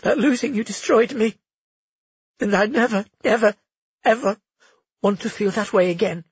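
A man's voice: normal speed, slightly rough, no echo, muffled recording. A man voicing a tender, impassioned young woman. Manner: pleading, earnest, raised pitch for a female part. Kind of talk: audiobook character voicing.

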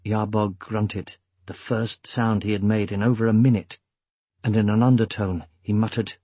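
Male narrator, husky voice, dry close sound, measured audiobook reading. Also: fairly low pitch, little pitch movement, warm tone, dry recording. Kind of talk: scripted narration.

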